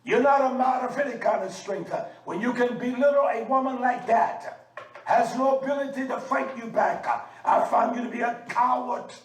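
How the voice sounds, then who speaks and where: A man's voice: very high-pitched, normal speed. Fiery male preacher in an echoey room. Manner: emphatic and scolding, with frequent uh fillers. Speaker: religious teacher. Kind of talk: fiery sermon teaching. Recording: echoey room, mic at a distance, faint background noise.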